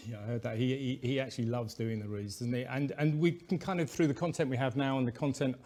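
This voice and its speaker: Halting male panel moderator. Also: mid-range voice, steady tone, darkish tone. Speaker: panel host and executive.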